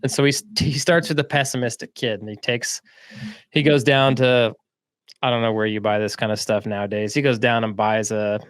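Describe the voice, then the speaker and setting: Relaxed guy telling a story on a podcast, lots of "like", dry close mic. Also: medium pitch, fairly quick, smooth, dry recording. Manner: relaxed, chatty, lots of "like" and "right?". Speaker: podcast host. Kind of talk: casual storytelling. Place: lives in Florida.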